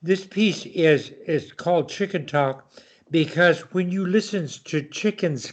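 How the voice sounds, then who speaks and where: An older man teaching piano over a call, patient and explanatory. His voice sits a little high for a man, and he counts beats out loud as he demonstrates. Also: a little slow, lo-fi sound. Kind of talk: online piano lesson.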